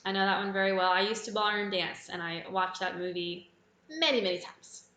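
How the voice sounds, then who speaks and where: A woman's voice: mid-range voice, brisk, bright, forceful tone. A woman hosting a live quiz, casually going through the answers and adding chatty personal asides. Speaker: quiz host. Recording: echoey room.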